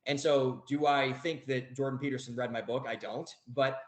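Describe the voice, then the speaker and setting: A man's voice: medium pitch, steady tone, moderate pace, echoey room, poor audio. A young man telling a story as a podcast guest, rambling, with many fillers and restarts. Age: young adult. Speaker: guest author. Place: home office.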